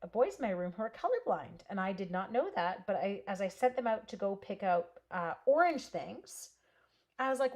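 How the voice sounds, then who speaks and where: A woman's voice: medium pitch, lively intonation, moderate pace. Chatty woman in her forties crafting live. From Canada. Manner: chatty storyteller, answering viewers by name. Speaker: crafter and schoolteacher hosting a stamping stream. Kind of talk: casual live craft stream chat.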